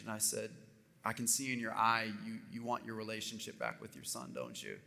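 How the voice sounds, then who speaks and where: A man's voice: mid-range voice, moderate pace, vocal fry, long pauses. A man preaching a sermon, telling a personal story and then building up with rising fervor. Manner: animated, building to near-shouts. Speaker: pastor. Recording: reverberant hall.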